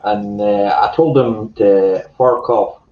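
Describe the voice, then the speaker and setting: A man's voice: fairly low pitch, slow pace. A man chatting casually, telling rambling stories and laughing often. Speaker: chat guest. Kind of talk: casual chat. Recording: muffled and roomy.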